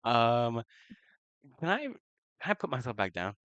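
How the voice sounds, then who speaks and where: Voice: mid-range voice, big pitch swings, unhurried, a bit bright, no room sound, lo-fi sound. A player in a tabletop game, thinking aloud with frequent laughs and hesitant restarts.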